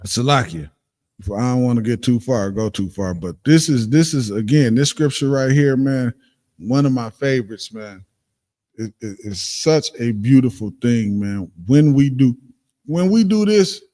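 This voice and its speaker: A man with a Detroit accent telling stories and preaching in a casual, animated way during a livestreamed class, acting out what people said. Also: medium pitch, big-room sound. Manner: animated, acts out quoted exchanges, laughs often. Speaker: speaker in a livestreamed religious class.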